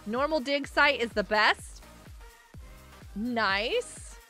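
A woman streaming a game live, chatting and giggling as she greets her viewers. Her voice is high and bouncy, with a wide, animated swing. Faint music plays behind her. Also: drawn-out words.

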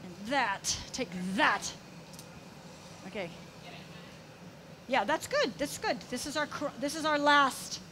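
A woman's voice: high-pitched, lively intonation, slow pace, pauses often, bright, forceful tone. A middle-aged woman from Canada giving a chatty, playful live glassblowing demonstration, narrating each step with sing-song counting. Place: glassblowing studio. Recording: noisy hot shop.

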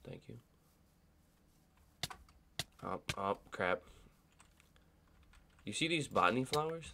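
A young gaming video creator who has just woken up chats casually over his gameplay, talking to himself with joking asides and silly voices. His nasal voice sits on the low side and sounds creaky, with lively intonation, a slow pace and long pauses. Background noise can be heard.

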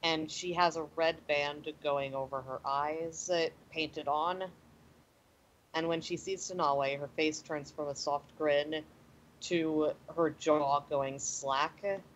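A man narrating a tabletop role-playing game as game master over a voice call, slow and halting with many fillers. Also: a little high, fairly even intonation, a bit bright. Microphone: computer mic on a voice call. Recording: slightly dull voice call audio with faint background noise.

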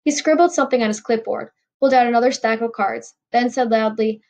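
Woman reading a chapter book out loud, wry, gravelly fry in her voice. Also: a little high, brisk, few pauses. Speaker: audiobook reader. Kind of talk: reading a novel aloud.

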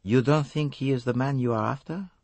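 A man's voice: medium pitch, a little fast, darkish tone, no room sound, voice pushed up, close to an everyday voice. A man voicing a suave older male Belgian detective who probes precisely and slyly.

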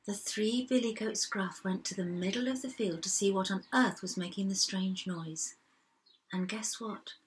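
A middle-aged woman reading a children's story aloud, expressive and animated, with sing-song sound effects. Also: mid-range voice, moderate pace, poor audio.

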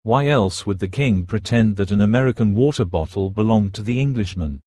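A man narrating an audiobook in an even, measured reading. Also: lowish voice, dry recording. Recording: dry close studio recording.

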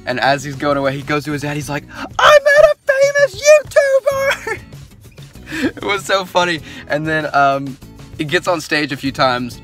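A man's voice: a little high, fairly quick, music in the background. A young man talking casually to his vlog camera through a headset microphone, upbeat and joking, and a bit stuffy from being sick. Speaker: vlogger and magician. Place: outdoors and in a car.

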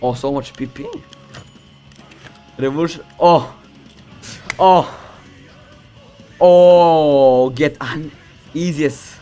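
Young Balkan male streamer, brash and profane, slightly high voice over background guitar music. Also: very slow, pauses often, clear, resonant tone. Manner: boastful, swearing, joking to himself. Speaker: streamer playing a strategy game. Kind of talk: casual gaming commentary. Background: loud background music.

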